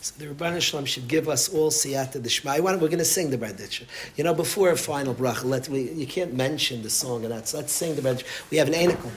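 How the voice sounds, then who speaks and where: In a yeshiva study hall, a rabbi with a mid-range voice talks fast through an impassioned lesson. He repeats phrases to drive his points home to his students.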